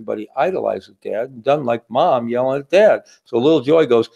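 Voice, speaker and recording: Gravelly man giving a talk. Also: medium pitch, moderate pace, few pauses, a little mellow. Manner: conversational, asks the audience with a frequent "right?". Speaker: workshop speaker. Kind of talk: teaching talk.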